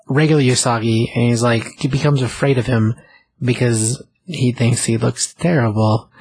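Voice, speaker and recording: A man's voice: mid-range voice, vocal fry, a little mellow, breathy edge, low-quality recording. A man in casual chat, adding short agreements and corrections to a shared story.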